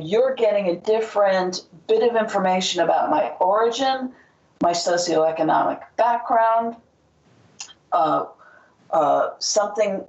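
A woman's voice: mid-range voice, a little mellow. Rambling woman guest in a roomy distant recording. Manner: rambling, hesitant, many fillers and restarts. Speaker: author and interview guest. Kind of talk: casual interview talk. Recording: distant, roomy, dull audio.

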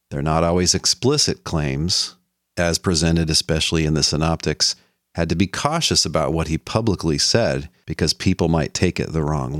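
A man's voice: sits low, no room sound, studio quality. A man giving an explanatory lecture on a biblical text in a conversational teaching manner, lifting his voice when he reads quotations. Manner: conversational teaching, quoting scripture with a lifted voice. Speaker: lecturer on the Bible.

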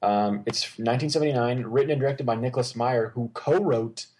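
A man talking casually about movies, excited and rambling, with lots of "like" and "um". His voice sits at an ordinary pitch. Faint background hiss and clicks run under the recording. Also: a little fast. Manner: rambling, enthusiastic, many fillers and restarts. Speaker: podcast co-host.

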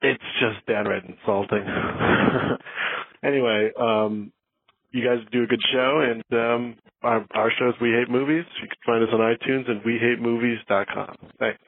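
A podcast host leaving a casual, chatty phone message. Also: male voice, medium pitch, steady tone, measured pace, creaky, no room sound. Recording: tinny phone line.

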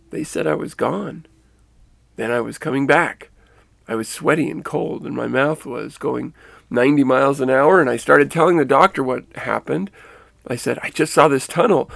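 Gravelly man telling a personal story. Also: medium pitch, no echo. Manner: earnest, halting, with restarts and vivid detail. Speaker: storyteller recounting a near-death experience.

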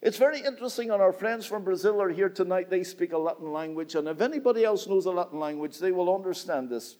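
A middle-aged man with a Northern Irish accent preaches an evening church sermon in a notably high voice. His delivery swells and drops in a steady preaching cadence, and he keeps turning to the congregation as "my friend". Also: fast talker. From Northern Ireland. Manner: rising and falling preaching cadence, repeats "my friend". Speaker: visiting preacher.

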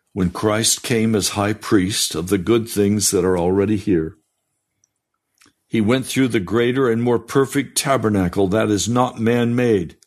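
A male pastor preaching a broadcast sermon, fiery and reading scripture aloud, rising in pitch on pointed questions. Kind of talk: radio sermon.

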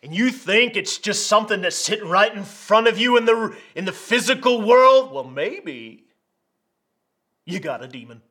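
A man's voice: high voice, expressive, normal speed, pushed and bright, voice pushed up, full character voice. A man putting on a Texas accent to voice a folksy male televangelist who asks rhetorical questions about demons. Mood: preachy. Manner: drawling, rhetorical preacher questions.

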